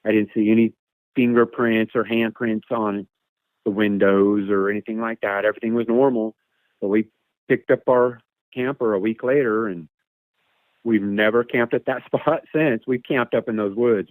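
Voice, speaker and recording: A man telling a camping encounter story in a casual, animated way, sometimes imitating animal calls, heard over a phone line. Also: fairly low pitch, moderate pace, no room sound. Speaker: caller sharing an encounter story.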